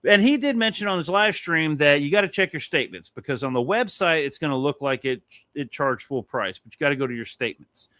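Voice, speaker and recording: Man, slightly high and bright voice, loose profane storyteller, dry close mic. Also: brisk, hardly any pauses, no room sound. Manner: animated, swearing, rambling anecdote. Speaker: podcast co-host. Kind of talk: casual storytelling chat.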